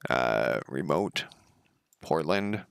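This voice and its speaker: A man's voice: a bass voice, animated, drawn-out words, gravelly, a bit bright, clean tone, no echo, studio quality. A middle-aged man giving casual, rambling commentary as he codes a game, talking to himself and laughing at his own slips. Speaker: game developer streaming his coding. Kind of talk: casual live coding commentary.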